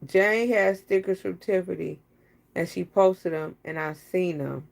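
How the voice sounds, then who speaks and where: A woman's voice: on the low side, measured pace, gravelly. Chatty woman live-streaming to viewers. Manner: chatty, teasing, talks straight to viewers. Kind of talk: casual live-stream chat.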